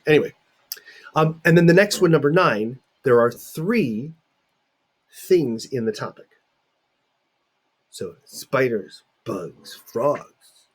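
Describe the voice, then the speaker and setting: A man's voice: mid-range voice, lively intonation, slow, long pauses, husky. A middle-aged man teaching in a recorded video lecture, talking conversationally and putting questions to his students.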